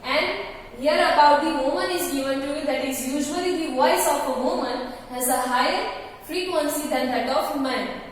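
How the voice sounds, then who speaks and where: A woman with a high voice explains a science lesson, going back over each point and filling pauses as she goes. She sits some distance from the mic, and her voice rings in a very echoey room with a long tail of reverb and faint noise underneath. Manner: repetitive, restating points with fillers. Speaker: teacher. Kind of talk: explaining a science textbook chapter.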